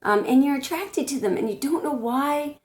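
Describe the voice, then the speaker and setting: A woman's voice: high-pitched, normal speed. A woman giving blunt spiritual relationship advice as a tarot reader, talking straight to camera and often restarting her sentences. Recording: roomy echo.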